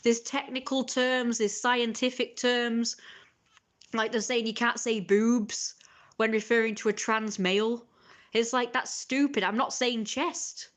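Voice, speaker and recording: A woman's voice: on the high side, steady tone, measured pace, fairly bright tone. A woman streamer in a casual, rambling rant, sarcastic and indignant, often breaking off to cough or laugh. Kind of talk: casual ranting monologue.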